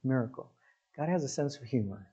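A man's voice: medium pitch, expressive, a little fast, mellow, breathy edge, dull audio. A man preaching a sermon in an emphatic, conversational way, talking directly to his congregation. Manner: emphatic, conversational, often says "listen" and "guys". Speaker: pastor.

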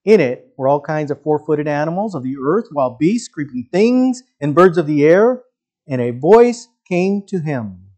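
A man preaching a sermon with a slightly high voice. He talks in a conversational way and keeps checking in with his listeners. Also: expressive, normal speed, darkish tone. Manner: conversational, asks the congregation questions. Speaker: pastor.

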